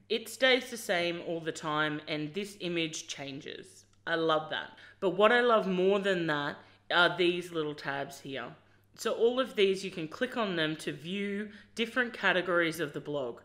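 A woman's voice: fairly low pitch, fairly bright tone. A woman hosts her own vlog and talks through a website on screen. She is eager and gushing, and she speaks straight to her viewers as if she were chatting with friends. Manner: enthusiastic, gushing, direct. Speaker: fashion blogger and host. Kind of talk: casual screen-share walkthrough.

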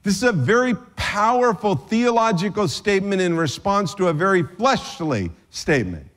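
A man's voice: high voice, very animated, moderate pace, fairly bright tone. A man pastor giving a sermon in a conversational way, with joking asides.

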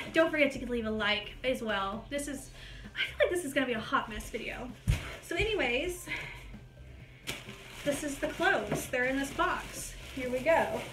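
A woman's voice: sits high, background noise. A young woman chatting casually in a try-on haul vlog at home, slightly out of breath and poking fun at herself. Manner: chatty and self-mocking; talks standing up. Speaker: YouTuber. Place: at home, indoors. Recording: roomy echo.

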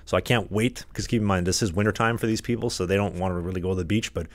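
A Canadian man, a podcast host and hockey goalie, chatting casually from a locker-room stall at a rink, joking and rambling with quick asides. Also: deep voice, steady tone, no echo.

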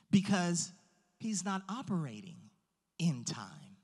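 A preacher delivering a sermon in a church, with emphatic, drawn-out stresses on key words. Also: medium pitch, huge pitch swings, husky. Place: church sanctuary. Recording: long church hall reverb.

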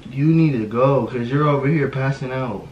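A man's voice: medium pitch, normal speed, lo-fi sound. A young man at home speaks urgently, pressing the same orders again and again. His voice sits mid-range. The room has an echo, with faint noise behind him. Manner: urgent and insistent, repeating orders. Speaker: boyfriend. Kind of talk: casual talk at home.

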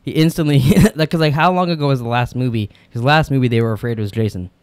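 A man's voice: medium pitch, fast talker, clean tone, dry recording. A man co-hosting a podcast, casually recapping a film's plot, laughing often and slipping into silly voices for the characters. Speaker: podcast co-host.

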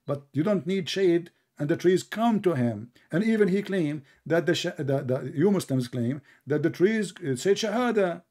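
A man's voice: a little high, expressive, normal speed, hardly any pauses, mellow. A man hosting a heated debate, mocking and sarcastic, talking over his opponent with broken English. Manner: mocking, sarcastic, talks over the other speaker. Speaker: debate host.

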